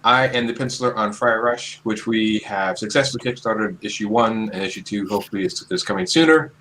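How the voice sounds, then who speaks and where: Guy on a video call, low but bright and forceful voice, faint hiss behind him. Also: fairly quick, low-quality recording. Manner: easygoing, chuckles between sentences. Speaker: guest comic artist. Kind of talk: casual chat on a video call.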